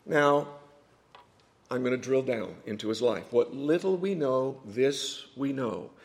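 A man preaching a sermon, telling a story with dramatic swings from hushed asides to loud emphatic points. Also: mid-range voice, lively intonation, measured pace.

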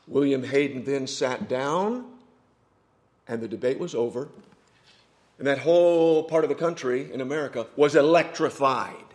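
A man preaching a sermon, telling a story with dramatic swings from hushed asides to loud emphatic points. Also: medium pitch, normal speed.

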